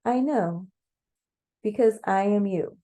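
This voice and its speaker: A woman voicing Mars as a calm, loving male god in a guided meditation, speaking slowly and gently. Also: medium pitch, natural voice. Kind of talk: guided meditation role-play.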